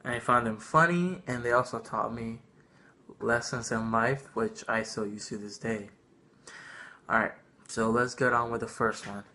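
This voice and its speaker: A young man telling a funny childhood story in a casual vlog, animated and swearing freely. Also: mid-range voice, a little slow, a little hiss or hum. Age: young adult. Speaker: vlogger.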